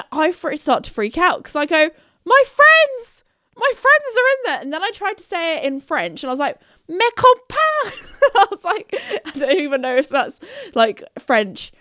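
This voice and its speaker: A young woman in her twenties hosting a podcast, telling a story in a chatty, animated way with lots of filler words. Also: high-pitched, dry recording, clean studio sound. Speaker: podcast host. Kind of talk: casual storytelling monologue.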